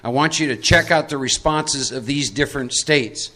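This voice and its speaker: A man leads a live workshop in a meeting room. His voice is bright and forward. He talks conversationally and coaxes audience volunteers into acting out roles. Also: mid-range voice, moderate pace. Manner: conversational, coaxing volunteers into role-play. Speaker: recovery workshop speaker.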